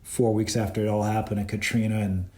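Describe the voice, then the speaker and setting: Cinematographer guest, lively storyteller, laughs a lot, voice a bit echoey. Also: male voice, lowish voice, fast. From Boston. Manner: animated, laughing, retells exchanges. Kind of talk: casual storytelling interview. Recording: roomy echo.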